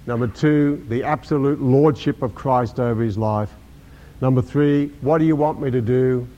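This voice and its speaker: A man's voice: mid-range voice, normal speed, warm tone. An older man preaching a sermon, emphatic, repeating key words and acting out the scripture he quotes. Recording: dull lo-fi recording.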